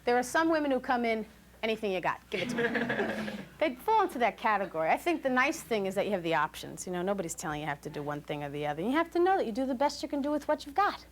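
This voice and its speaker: A woman leading a postpartum class for new parents, talking in an animated way, acting out quoted voices and laughing often. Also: on the high side, very fast. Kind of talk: lively educational talk to new parents. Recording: hissy 1980s VHS recording.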